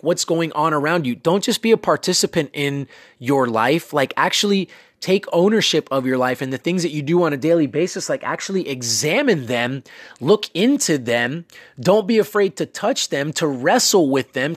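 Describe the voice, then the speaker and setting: A man's voice: a little high, husky, no echo, studio quality. A man hosting a casual motivational talk, coaching listeners in a conversational way with many fillers and asides. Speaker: self-improvement podcast host.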